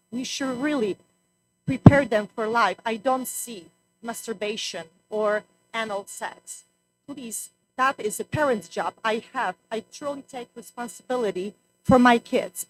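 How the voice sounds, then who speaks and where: Woman, emotional, pleading, halting, fairly high voice, faint hum. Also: low-quality recording. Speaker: mother speaking at public comment. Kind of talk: unscripted public comment. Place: school board meeting room.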